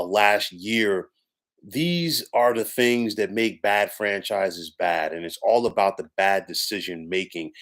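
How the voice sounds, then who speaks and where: A man's voice: fairly low pitch, a bit bright. A man delivering a solo sports opinion monologue, emphatic and given to repeating stock phrases. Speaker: sports commentator.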